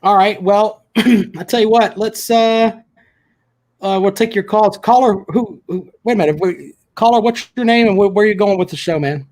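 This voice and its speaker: A man's voice: sits high, normal speed, a little mellow. A man hosting a live call-in sports show, loose and hesitant with many fillers. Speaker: show host taking calls.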